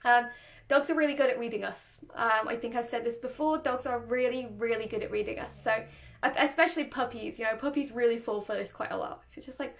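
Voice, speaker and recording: Woman, dog trainer, animated, chatty casual lesson, high voice. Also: fast talker. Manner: chatty, laughs often, animated. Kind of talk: casual instructional talk.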